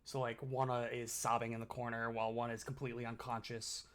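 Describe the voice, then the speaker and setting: A man's voice: medium pitch, level tone, fast, a bit bright, clean tone. A man running a tabletop game as game master, narrating casually with many fillers.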